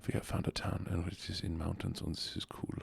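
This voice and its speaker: Gravelly whispering male streamer. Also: low voice, level tone, brisk. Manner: soft whispering, playful chatter to viewers. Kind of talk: whispered role-play.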